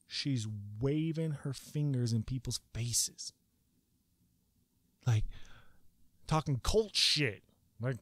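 A man tells a personal story casually, rambling and swearing freely. His voice swings widely in pitch as he gets worked up. The sound is dry and close, with no room echo. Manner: animated, profane, rambling with many "like"s.

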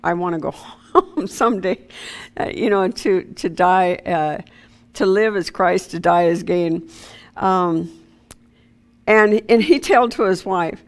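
A woman delivering an informal sermon in a loose, conversational way. She trips over her words, circles back and fills pauses with "um" and "uh" as she goes. Her voice sits at a middle pitch. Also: lively intonation. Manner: conversational, with many fillers and restarts. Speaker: preacher.

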